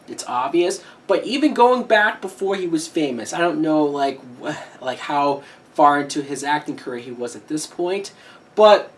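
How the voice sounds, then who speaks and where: A woman reviewing a movie in a heated, profane rant, with sudden shouted peaks. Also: deep voice, distant mic. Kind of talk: ranting film review.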